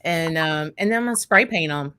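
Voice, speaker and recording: A woman's voice: low voice, animated, a little fast, pushed and bright, smooth, soft background music. A woman hosting a casual livestream chat, talking in a rambling way with many fillers. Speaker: host.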